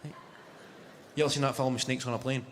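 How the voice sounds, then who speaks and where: A man's voice: medium pitch, steady tone, a little fast. A Glaswegian man doing a stand-up comedy set, telling stories with punchy delivery and mimicked voices. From Scotland. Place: comedy venue stage. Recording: reverberant venue with loud audience noise.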